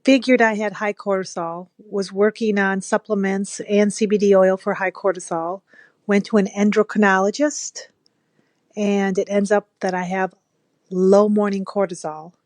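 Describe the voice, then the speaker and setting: A woman's voice: medium pitch, level tone, normal speed, darkish tone, no echo. A woman calling in with a recorded health question, speaking plainly and to the point. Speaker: caller asking a question.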